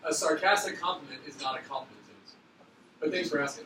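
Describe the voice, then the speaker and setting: A male teacher rattles off instructions at a brisk clip, with a slightly high voice for a man. He sounds distant from the mic, and the classroom echoes around him with steady background noise. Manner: quick, loose, joking with students. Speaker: middle school teacher.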